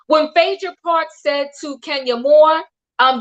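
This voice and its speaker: An older woman hosts a casual livestream with a high, bright-edged voice, chatting and acting out quoted lines. The sound is dull and lo-fi, like stream audio. Her talk is lively and full of quick back-and-forth with a co-host.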